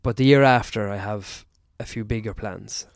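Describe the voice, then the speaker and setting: A man's voice: on the low side, normal speed, creaky, no room sound, studio quality. A man, a guest on a casual podcast, talking in a hesitant, self-deprecating way and often repeating himself. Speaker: podcast guest, endurance athlete.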